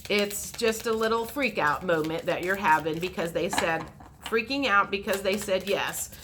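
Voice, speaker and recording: A woman giving a tarot reading in a chatty way, repeating words and acting out the excited reactions she describes. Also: mid-range voice, moderate pace, noisy background. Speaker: tarot reader. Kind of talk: intuitive tarot reading monologue.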